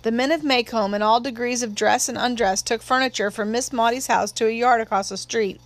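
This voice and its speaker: A woman narrating an audiobook with measured, steady pacing. Her voice sits a little above the usual for a woman. She tells the story evenly and plainly. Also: on the high side.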